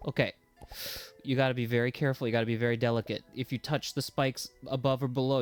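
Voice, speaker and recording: An excitable man giving live commentary on a video game, swearing freely and yelping at every mishap. His voice sits at an ordinary, middle pitch for a man, with faint game music running quietly behind him. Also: a little fast. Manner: excitable, swears freely, yelps and talks to chat. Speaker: streamer. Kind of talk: casual live gameplay commentary.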